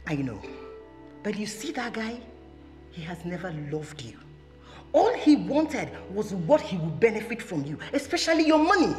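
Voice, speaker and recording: A woman's voice: medium pitch, sing-song, normal speed, darkish tone, close to an everyday voice. An actress with a Nigerian accent playing an outspoken, protective female friend who scolds and comforts in Pidgin-laced speech. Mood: consoling. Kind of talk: Nollywood film acting. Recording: echoey room with music underneath.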